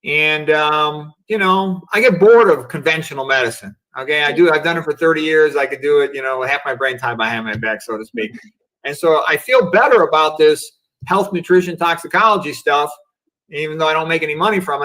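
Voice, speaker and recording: Reflective middle-aged man, higher voice. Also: pushed and bright, low-quality recording. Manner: reflective, philosophical, peppered with "you know" and "okay". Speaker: physician guest. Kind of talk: casual livestream interview. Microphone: remote video call.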